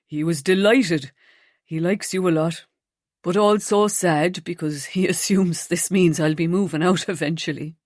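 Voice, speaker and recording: A woman voicing a soft-spoken young man, her tone dropped a little lower and kept relaxed and gently teasing. Close and dry, as in a storybook read in a booth. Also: unhurried, dry recording. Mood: fond.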